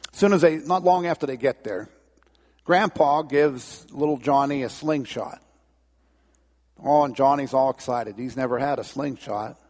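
Husky folksy preacher in an echoing hall. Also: male voice, medium pitch. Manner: folksy, animated storyteller. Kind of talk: sermon with storytelling. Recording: long reverb in a large hall.

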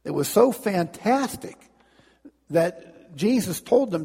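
A man's voice: sits high, animated, slow, dark tone, husky. A man, a pastor, preaching a sermon in a conversational, storytelling way with fillers, in a church. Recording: long reverb in a church.

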